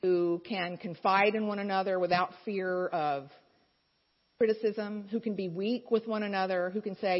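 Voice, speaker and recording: Husky-voiced woman encouraging mothers. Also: medium pitch, fairly even intonation, moderate pace. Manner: candid, conversational storytelling with asides. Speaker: speaker at a mothers' gathering. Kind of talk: encouraging faith-based talk. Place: large hall with an audience. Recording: dull, lo-fi recording in a reverberant hall.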